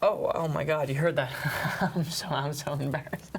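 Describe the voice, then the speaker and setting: A man's voice: on the high side, steady tone, normal speed, gravelly, a little hiss or hum. A man in a scripted comedy sketch who stammers and restarts, flustered and awkward. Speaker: comedy show cast member.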